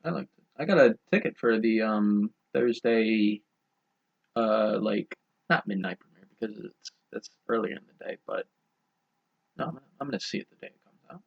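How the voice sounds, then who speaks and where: A young man rambles through a casual podcast chat, tossing off crude jokes in a low, gravelly voice with a husky edge. The sound is dull and lo-fi. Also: animated, moderate pace. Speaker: podcast co-host.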